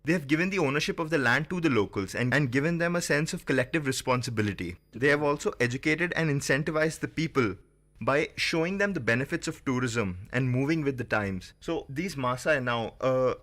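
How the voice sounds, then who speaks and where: A man's voice: mid-range voice, lively intonation, a little fast, a bit bright. A man, a studio guest, explaining thoughtfully on a radio talk with some fillers.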